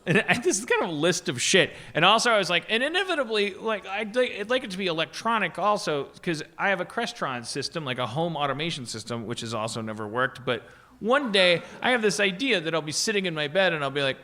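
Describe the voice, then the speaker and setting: A man's voice: high voice, animated, quick pace, bright, forceful tone. A man hosting a comedy podcast, telling a rambling story with lots of restarts and swearing. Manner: rambling, restarts a lot, swears freely, acts out voices. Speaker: podcast host. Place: podcast stage with live audience.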